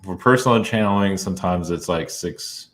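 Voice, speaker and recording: Deep-voiced male guest, hesitant, casual interview delivery. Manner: soft-spoken, halting, many fillers and little laughs. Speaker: guest, channeler.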